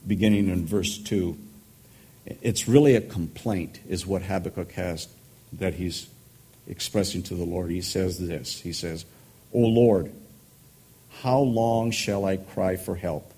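A man teaching a Bible study as a pastor, earnest and thoughtful in how he explains the passage. His voice is dark, mellow and a little husky, and he talks at an unhurried pace. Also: low voice. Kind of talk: sermon teaching.

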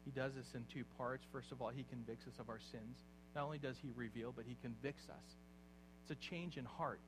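A man preaching a sermon, dropping to quiet, low asides and then rising into loud exhortation. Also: a little fast. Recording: faint mains hum behind.

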